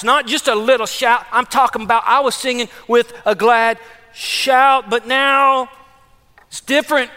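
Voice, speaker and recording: Bright-voiced preacher in a big reverberant hall. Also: male voice, very high voice, moderate pace. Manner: conversational preaching, voicing the psalmist's words. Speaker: pastor. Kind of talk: sermon. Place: church sanctuary.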